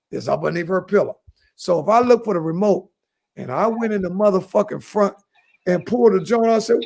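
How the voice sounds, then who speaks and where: High-pitched gravelly man in his fifties. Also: quick pace. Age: 50s. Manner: animated storyteller, swearing and laughing. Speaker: podcast co-host. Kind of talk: casual chat.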